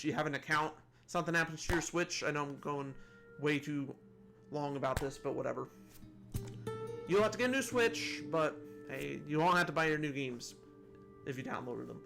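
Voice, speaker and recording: A man's voice: on the high side, vocal fry, a bit bright. A man hosting a casual gaming commentary video, rambling with lots of restarts and asides. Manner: rambling, many restarts and asides, chuckles at own jokes.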